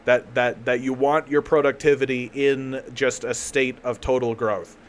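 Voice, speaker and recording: A man's voice: mid-range voice, fairly even intonation, measured pace, slight background noise. A man hosting a live political commentary stream, talking casually and sarcastically, swearing freely and often restarting his sentences. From Canada.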